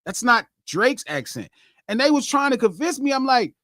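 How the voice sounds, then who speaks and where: A man co-hosting a livestream podcast in casual chat, animated and profane, laughing often and mimicking other voices as he talks. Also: extremely high pitch, moderate pace, no echo, clean studio sound. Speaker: podcast co-host.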